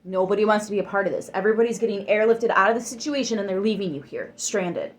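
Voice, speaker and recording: A woman tarot reader talking straight to her viewers, emphatic and easily worked up. She swears freely as she pushes her point. Her voice sits at an ordinary middle pitch for a woman. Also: expressive, quick pace. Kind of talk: tarot reading to camera.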